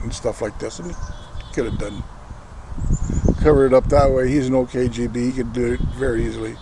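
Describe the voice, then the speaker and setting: A man's voice: medium pitch, brisk, pauses often, noisy background. Profane rambling man. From Canada. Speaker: vlogger. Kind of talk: ranting political commentary.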